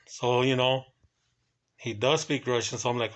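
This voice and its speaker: A man who works hotel security, telling a casual story in loose, halting runs and bursting into profane exclamations. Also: mid-range voice. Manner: excitable and profane, breaks into quoted exclamations; talks in loose, halting runs with many fillers.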